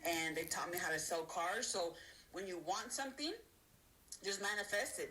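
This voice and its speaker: A woman's voice: lowish voice, normal speed, bright, forceful tone, slight background noise, rough recording. A woman giving motivational advice in a folksy, streetwise way, often acting out the people she talks about. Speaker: guest speaker. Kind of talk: motivational talk on a live stream.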